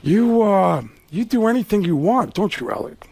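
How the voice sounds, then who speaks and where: A man doing a brooding, gravelly movie tough. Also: sits high, expressive, moderate pace, a little mellow, voice pushed up, exaggerated voice. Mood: sardonic. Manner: menacing drawl, sudden bursts. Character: brooding gravelly veteran actor, sardonic and miserable.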